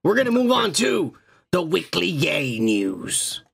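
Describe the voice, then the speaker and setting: A man's voice: on the high side, wildly swooping pitch, slow, vocal fry, fairly bright tone, slightly rough. A man hosting a podcast, trading crude, joking banter full of profanity. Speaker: podcast host. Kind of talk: casual podcast chat.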